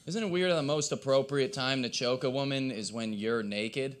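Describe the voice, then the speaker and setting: A man doing a stand-up set at an open mic, with a hoarse, cracking voice and a rambling, self-deprecating delivery. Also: mid-range voice, moderate pace, slight background noise. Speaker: stand-up comedian. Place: live open mic in a coffee shop.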